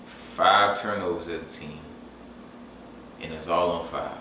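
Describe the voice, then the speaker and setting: A young man with a low, deep voice tells a rambling fan story, heavy on fillers. He sounds far from the mic in a very echoey room, with faint noise behind him. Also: fairly even intonation, a little slow. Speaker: sports fan vlogger. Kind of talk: casual storytime and game recap.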